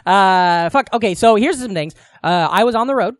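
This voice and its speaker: A man hosting a comedy podcast in a small studio, rambling along with lots of fillers and swearing. His pitch jumps around a lot. The sound is close and dry. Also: expressive, moderate pace, no room sound. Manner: rambling, profane, many fillers. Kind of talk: casual banter.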